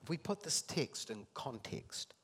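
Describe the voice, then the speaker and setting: A male preacher delivers a sermon with a middle-pitched voice. He acts out the scripture dialogue in raised, excited tones. Then he falls back to a quiet, intimate delivery. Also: measured pace, breathy edge. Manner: acts out dialogue, swings between loud emphatic and soft intimate.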